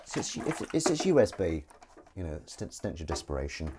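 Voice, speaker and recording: Over a noisy background, a low-voiced English man talks in a sing-song way at a moderate pace. He's hosting a live stream, doing the dishes and chatting jokily and aimlessly with viewers between tasks.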